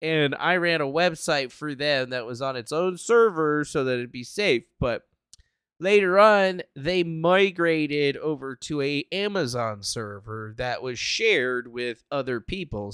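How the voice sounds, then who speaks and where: A man streaming casually, explaining tech news in a profane rant that swings from low mumbling to loud outbursts. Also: lively intonation, a little slow, smooth, dry recording, clean studio sound.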